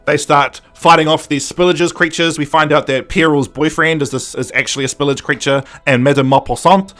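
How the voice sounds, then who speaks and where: A man hosting a podcast, recapping a story in a casual, animated way with lots of fillers. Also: on the high side, fairly quick. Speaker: podcast host. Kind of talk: casual review chat.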